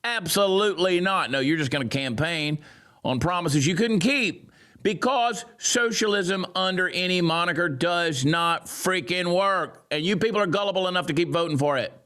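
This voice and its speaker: A man giving sarcastic, mocking political commentary, swinging from loud jeers down to low grumbles. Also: normal speed. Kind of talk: ranting commentary.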